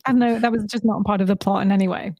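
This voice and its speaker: A woman's voice: medium pitch, steady tone, racing, darkish tone. A woman co-hosting a casual show recap, sharing trivia in an informative, lightly playful way. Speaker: podcast co-host.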